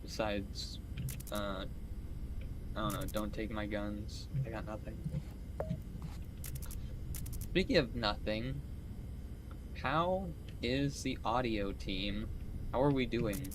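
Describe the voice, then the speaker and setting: A man's voice: on the low side, animated, takes it slowly, long pauses, noisy background. A young man chatting casually during a game stream, rambling, swearing and laughing often. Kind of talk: casual gaming stream chat.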